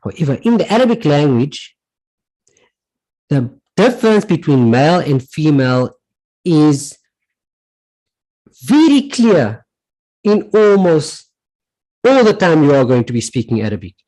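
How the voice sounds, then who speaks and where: Male language teacher, patient and repetitive, animated pitch, live online class. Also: unhurried, long pauses, low-quality recording. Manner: patient, repeats each word and its meaning; asks "right?" to check understanding. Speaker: Arabic teacher.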